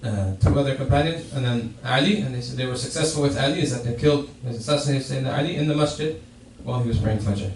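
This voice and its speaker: During a Friday sermon in a mosque prayer hall, a man with a mid-range voice speaks fast with few pauses, explaining a hadith and often circling back to restart his phrases. Faint noise and hall echo come through the distant mic.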